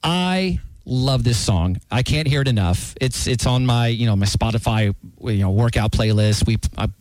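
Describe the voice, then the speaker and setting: A man's voice: medium pitch, moderate pace, a little mellow, no echo. A man hosting a morning radio show, talking in a friendly, chatty way. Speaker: radio host. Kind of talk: casual radio chat. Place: radio studio.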